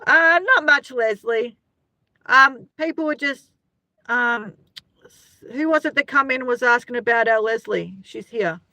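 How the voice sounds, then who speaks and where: A fairly high, pushed and bright voice with lively intonation belongs to a middle-aged Australian woman hosting a live stream. Unhurried, she chats casually and rambles, greeting viewers by name while reading their comments, with no room sound.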